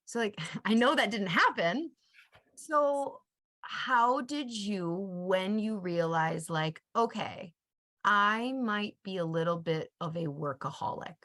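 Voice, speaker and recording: A woman's voice: medium pitch, slow pace, fairly bright tone. A woman hosting a podcast who asks long chatty questions and laughs easily. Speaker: podcast host. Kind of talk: casual interview.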